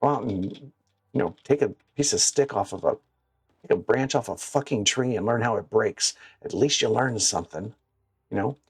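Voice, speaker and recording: A man giving casual gameplay commentary that turns into blunt, profane, animated stories, recorded on a clip-on mic at home. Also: fairly low pitch, normal speed, husky, dry recording, clean studio sound. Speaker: gaming streamer. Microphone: wireless clip-on mic.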